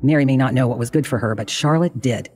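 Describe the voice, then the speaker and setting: A man's voice: mid-range voice, darkish tone, slight background noise. Man narrating a dramatic true crime tale. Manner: measured, dramatic storytelling.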